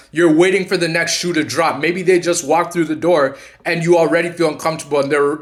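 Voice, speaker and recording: A man's voice: a little high, a bit bright. A man hosting his own channel, talking casually to viewers about narcissism, rambling with many restarts and repeated phrases. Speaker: channel host, narcissism coach.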